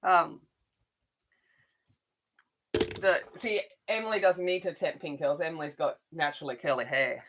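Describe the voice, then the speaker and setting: A woman's voice: low voice, fairly even intonation, moderate pace, pauses often, background noise. A middle-aged woman chatting casually while colouring, rambling along with frequent restarts. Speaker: adult colouring channel host.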